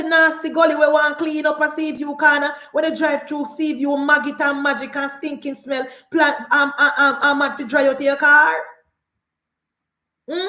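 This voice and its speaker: A Jamaican woman with a high voice delivers a fiery political rant into her phone. She mocks and hammers her points with repeated rhetorical questions. The room around her rings with echo. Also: little pitch movement, moderate pace, sharp tone. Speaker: political commentator. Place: indoors, filming herself for social media.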